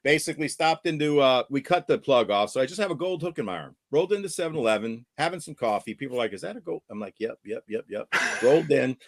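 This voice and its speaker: A man chatting casually, telling a fishing story with lively delivery and acting out the voices of people in it. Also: medium pitch, fast talker, hardly any pauses, no room sound, studio quality. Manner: animated storyteller, acts out the voices of people in his stories. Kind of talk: casual chat.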